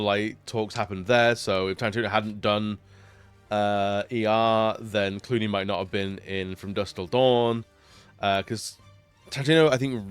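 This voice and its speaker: A man's voice: fairly low pitch, smooth. A man chatting casually on a live stream while gaming, rambling with lots of fillers and frequent laughs.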